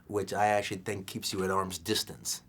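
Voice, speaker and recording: A man's voice: low voice, fairly even intonation, moderate pace, a bit bright, breathy edge. A filmmaker being interviewed, a man talking loosely with many fillers and restarts. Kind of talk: casual interview answers.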